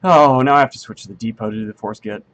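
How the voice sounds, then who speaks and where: A man's voice: mid-range voice, fast, fairly bright tone, slight background noise. A man streaming while he programs, thinking aloud in a rambling, friendly way, full of ums and half-finished sentences as he answers his chat. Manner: friendly and self-deprecating, answers chat readers. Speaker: game engineer streaming live coding.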